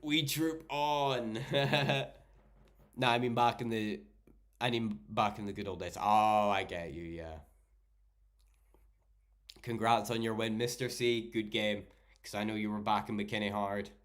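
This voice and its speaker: A man's voice: on the low side, steady tone, measured pace, long pauses, fairly bright tone. A young Scottish man chatting on a livestream while tipsy and tired, rambling and swearing a lot as he jokes through viewer messages. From Scotland. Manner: rambling, heavy swearing, joking. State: intoxicated and tired. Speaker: livestreamer reading chat. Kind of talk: casual livestream chat.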